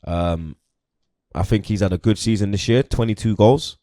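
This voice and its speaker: A man's voice: lowish voice, normal speed, mellow, dry recording, clean studio sound. A young man chatting casually about football as host, peppering his talk with slang like "you get me" and "blood".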